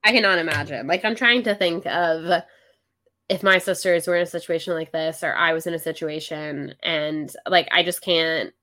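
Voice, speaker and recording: Young woman, podcast co-host, bright tone, animated and exclamatory, casual book chat. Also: low voice, normal speed.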